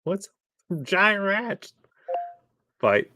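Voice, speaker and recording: A man's voice: sits high, big pitch swings, extremely slow, sharp tone, no echo. A man hosting a podcast, playing a voice game with terse, clipped commands and dry asides. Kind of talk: casual spoken game commands.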